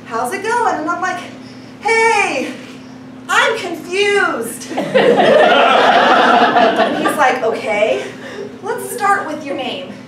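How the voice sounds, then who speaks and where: A woman's voice: very high voice, very slow, pauses often. A woman telling a personal story to a live audience, acting out the voices of the people in it and laughing often. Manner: animated, acts out quoted voices, laughing often. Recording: echoey room, distant mic, noisy.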